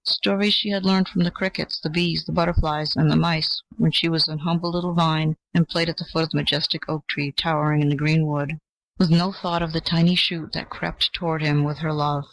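Gentle storybook narrator, dry close sound. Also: mid-range voice, little pitch movement, fairly quick, no echo, poor audio. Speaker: audiobook narrator.

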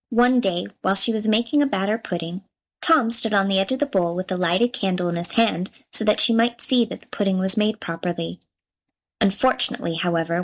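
Female storybook narrator, mid pitch, measured and gently expressive telling. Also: rough recording. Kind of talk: storybook reading.

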